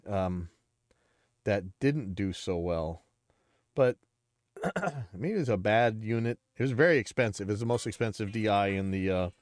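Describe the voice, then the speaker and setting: A man hosting a casual livestream, talking bluntly and rambling with restarts, a bit stuffy and clearing his throat. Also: lowish voice, darkish tone, no echo, clean studio sound. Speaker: livestream host.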